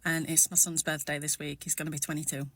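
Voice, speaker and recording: An English woman in her forties, musing aloud in a personal vlog. She talks in a rambling, reflective way and keeps steadying herself. Her voice sits a little low. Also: flat delivery, fast talker, fairly bright tone, slightly rough.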